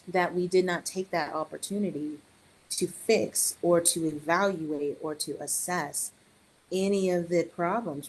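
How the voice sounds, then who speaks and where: Woman, lowish voice, animated podcast guest, joking asides. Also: poor audio. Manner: animated, joking asides, quotes others in raised voice. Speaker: early childhood educator guest. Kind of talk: casual podcast conversation.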